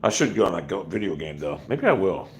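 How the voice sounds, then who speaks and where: A man's voice: sits low, very animated, quick pace, a little hiss or hum. A man hosting a casual livestream, ranting bluntly with profanity and rambling asides. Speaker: livestream host.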